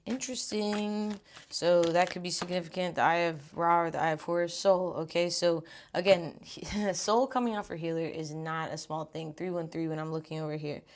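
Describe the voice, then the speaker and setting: A young woman with a low voice reads tarot cards in a loose, chatty way. She talks informally, a little out of breath, and drops the odd swear word along the way. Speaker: tarot reader. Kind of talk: casual tarot reading.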